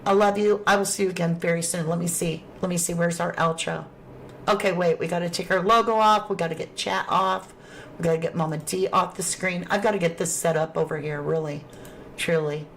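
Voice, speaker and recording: A woman's voice: lowish voice, fairly even intonation, a little fast, a bit bright, slight background noise. A woman hosting a true crime livestream, reading viewer chat aloud in a casual, affectionate way. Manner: affectionate, calls viewers sweetheart and lovelies.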